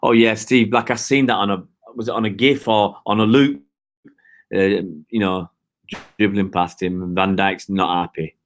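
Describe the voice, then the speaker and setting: A middle-aged man from Oldham, England, hosts a live football fan stream, chatting with fans in a rambling way, reading out viewer comments and restarting often. His voice is lowish, with fairly even intonation at a normal speed.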